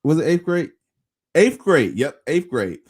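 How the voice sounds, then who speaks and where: Lively middle-aged male podcast host. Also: fairly high pitch, measured pace, husky. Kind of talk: casual interview chat.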